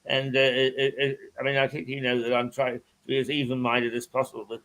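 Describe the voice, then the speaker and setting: A man presenting a radio show in a casual chat, talking haltingly with many restarts and chuckles. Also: medium pitch, monotone, a bit bright.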